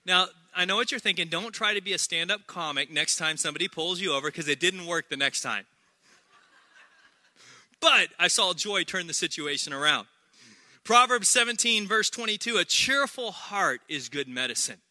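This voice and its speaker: A man preaching a sermon as pastor, energetic and humorous, repeating key phrases for emphasis. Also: sits high, normal speed, no room sound.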